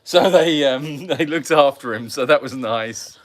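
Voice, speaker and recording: A man's voice: medium pitch, measured pace, fairly bright tone. A man hosting a live Q&A stream, chatty and joking, laughing often. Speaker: animal sanctuary host.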